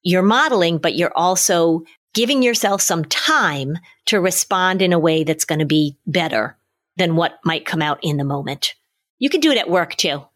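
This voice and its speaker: A middle-aged woman co-hosting a parenting podcast, giving calm, instructive advice in a casual chat. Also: lowish voice, moderate pace. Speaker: parenting podcast co-host, parenting expert.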